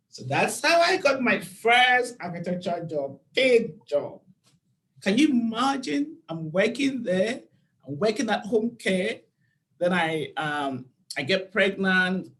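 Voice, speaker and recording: A woman, a podcast guest, telling a story in an animated way and acting out the dialogue. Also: medium pitch, slow. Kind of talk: conversational storytelling.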